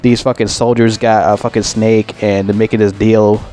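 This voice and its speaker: A man's voice: lowish voice, little pitch movement, normal speed, dark tone, soft background music. A man giving a casual, profane movie review, rambling and complaining in an exasperated way.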